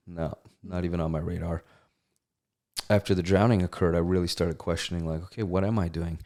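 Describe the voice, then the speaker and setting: This is a middle-aged male actor guesting on an interview, his low voice moving fairly quickly as he casually tells stories. He brings quoted people to life in an animated way, doing their voices.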